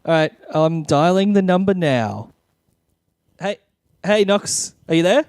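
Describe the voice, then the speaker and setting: A man co-hosting a podcast in casual chat, playful and quick to agree, on a close mic. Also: high-pitched, animated, a little mellow, clean tone, no room sound. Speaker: podcast co-host.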